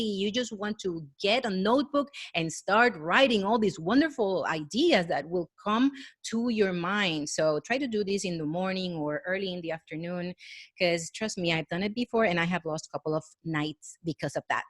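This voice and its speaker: A woman's voice: mid-range voice, expressive, moderate pace, no room sound. A middle-aged woman, a wellness coach, giving an earnest, encouraging motivational talk with a guided breathing exercise, speaking straight to the listener.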